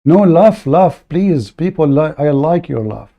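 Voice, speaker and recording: A man's voice: a little high, expressive, a little slow, gravelly, dull audio. A man hosting a call-in debate, mocking and combative, often laughing scornfully at the caller. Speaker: debate show host.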